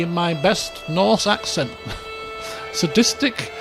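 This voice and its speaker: A man's voice: fairly high pitch, animated, slow pace, creaky, a bit bright, soft background music. A man hosting a game roleplay, reading story passages and chatting offhand in a rambling way, often restarting his sentences. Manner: switches between reading story text and offhand chat. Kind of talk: casual let's-play roleplay narration.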